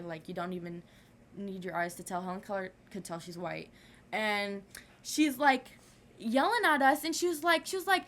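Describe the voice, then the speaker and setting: Animated teenage girl telling a story. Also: a little high. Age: teens. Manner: animated, slangy, acts out other voices. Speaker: guest. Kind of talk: casual storytelling.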